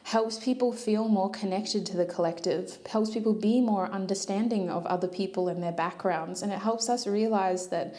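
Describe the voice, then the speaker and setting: Chatty woman with a mellow voice. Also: mid-range voice, moderate pace, few pauses. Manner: chatty, laughs often, acts out little dialogues. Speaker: tarot reader. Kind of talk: casual tarot reading.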